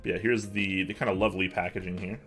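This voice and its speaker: A man's voice: low-pitched, little pitch movement, quick pace, fairly bright tone, faint music behind. A young man hosting a casual livestream from his home office, chatting and answering viewer messages. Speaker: livestream host.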